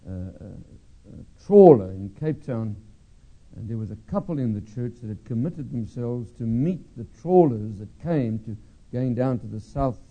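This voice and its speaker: A man preaching a sermon, telling a story with pauses and hesitant fillers before reading scripture. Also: mid-range voice, lively intonation, muffled recording.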